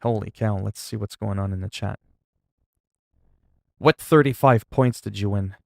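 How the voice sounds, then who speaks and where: A man's voice: lowish voice, moderate pace, vocal fry, darkish tone, dry recording, clean studio sound. A man chatting casually on a game livestream, rambling, joking and reading the chat aloud into a desk mic. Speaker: gaming livestreamer.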